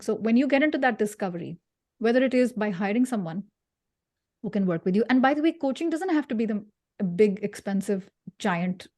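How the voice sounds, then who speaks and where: In an animated career-coaching talk to an audience, a woman with a mid-range voice laughs here and there and acts out the voices she quotes.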